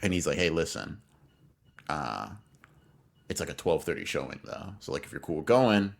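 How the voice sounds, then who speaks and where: A young man co-hosting a podcast, telling an animated, profane story in casual slang. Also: extremely low pitch, moderate pace, gravelly. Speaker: podcast co-host.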